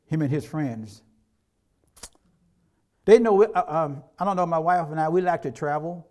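A man's voice: a little high, a little slow, long pauses. Conversational preacher, middle-aged man. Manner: conversational preaching with lively acted-out quotes. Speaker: pastor. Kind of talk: sermon.

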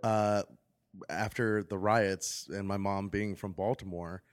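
A man's voice: on the low side, fairly even intonation, slow pace, clean tone. A man co-hosting a podcast, chatting in an easygoing, wry way. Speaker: podcast co-host. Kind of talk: casual chat.

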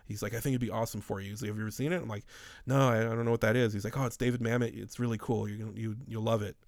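Man, 30s, podcast host, slightly low voice, rambling and profane, dry close mic. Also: steady tone, rapid-fire, gravelly, darkish tone, no room sound. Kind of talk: casual chat.

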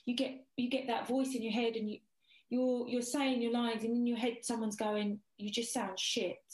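A woman's voice: on the high side, normal speed. A woman from Essex, a guest in casual chat, telling stories animatedly. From Essex, England. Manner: animated storytelling, casual swearing. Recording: echoey room.

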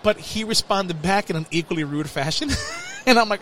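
A man's voice: high-pitched, a little fast, slight background noise. A man hosting a podcast in casual chat, telling stories with lots of laughter. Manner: animated storyteller, laughs often. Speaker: podcast host.

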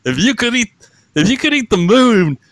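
A man putting on the voice of an excitable older male baseball announcer who asks silly questions. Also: very high voice, normal speed, dry recording, pitched above the performer's own voice, full character voice. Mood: goofy.

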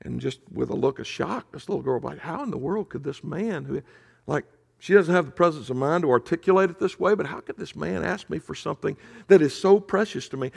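A male pastor preaching in a conversational storytelling way, often dropping to a hush for emphasis. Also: mid-range voice, a little fast, vocal fry. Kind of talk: sermon storytelling.

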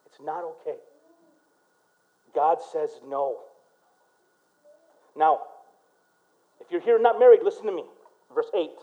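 A male pastor from Michigan preaching a sermon, swinging between loud, punchy lines and quiet storytelling. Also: extremely high pitch, animated, takes it slowly, long pauses, phone-quality sound.

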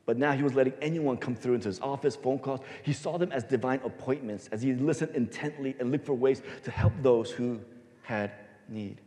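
A man pastor giving a sermon, telling a story and swinging his voice between loud and soft for emphasis. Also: medium pitch, fairly quick. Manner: storytelling, varies loudness for emphasis. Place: church sanctuary. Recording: long hall reverb.

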